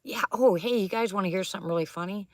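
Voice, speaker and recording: A woman's voice: mid-range voice, quick pace, dry recording, clean studio sound. A woman chatting casually with viewers on a livestream from an attic at home, laughing often and answering them by name. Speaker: livestream host reading viewer chat.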